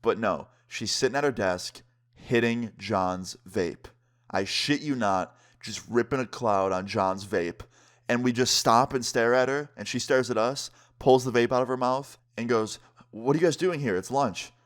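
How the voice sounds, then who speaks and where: A young man vlogger telling a story in an animated, slangy way, swearing often. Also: medium pitch, unhurried. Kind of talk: casual storytime.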